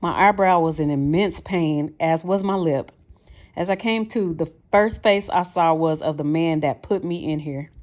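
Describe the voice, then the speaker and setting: Brief: female audiobook narrator, slightly low voice, earnest first-person memoir reading. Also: normal speed, darkish tone.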